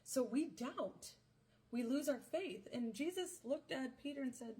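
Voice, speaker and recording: A young woman podcast host retelling a Bible story casually, playful and full of slang and quick joking asides. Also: sits high, expressive, mellow.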